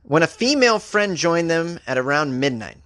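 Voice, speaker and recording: A male comedian hosts a daily news podcast, reading stories and then cracking wry jokes about them. His voice is mid-pitched and jumps high for a punchline. The sound is dry and close, with no room around it. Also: big pitch swings, moderate pace, a bit bright, dry recording. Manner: wry, joking asides with sudden pitch jumps.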